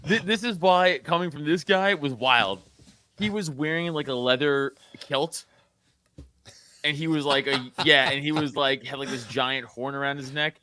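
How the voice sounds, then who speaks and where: Bright-voiced, crude, laughing man. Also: fairly high pitch, normal speed, slight background noise. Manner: crude, laughing, rambling with many restarts. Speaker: comedian guest. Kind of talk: casual podcast banter.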